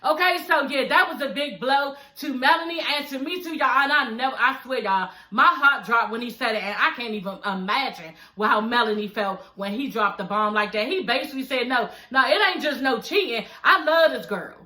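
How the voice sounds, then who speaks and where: Sassy, profane woman with a bright voice. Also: fairly high pitch, a little fast, hardly any pauses. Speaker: reality TV recap vlogger. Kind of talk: casual recap commentary. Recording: echoey room.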